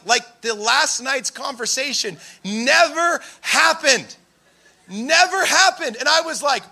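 A young man preaching a sermon, telling stories in an animated way and raising his voice for emphasis. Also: extremely high pitch, moderate pace, gravelly. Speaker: pastor.

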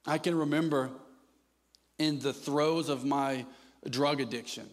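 A man preaching a sermon, moving between hushed, intimate passages and loud, impassioned ones. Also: mid-range voice, fairly even intonation, measured pace.

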